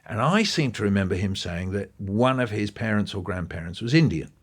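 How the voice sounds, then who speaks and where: Lowish-voiced man telling classroom anecdotes. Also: fairly quick. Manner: animated storytelling, acting out quoted voices; thinks aloud with restarts and asides. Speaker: guest speaking on education. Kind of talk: relaxed conversational interview.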